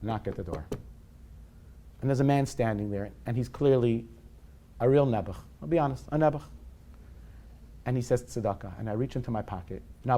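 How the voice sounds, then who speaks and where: A man in his forties, a rabbi, lectures to a live audience in an animated storytelling way. He mixes self-deprecating humor with Yiddish and Hebrew words. His voice sits at an ordinary pitch for a man. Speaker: rabbi giving a public talk on parenting.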